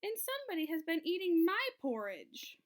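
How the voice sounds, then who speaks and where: A woman's voice: very high-pitched, wildly swooping pitch, moderate pace, pitched above the performer's own voice, full character voice. A woman voicing a cross, medium-sized mother bear in a storybook reading, grumbling.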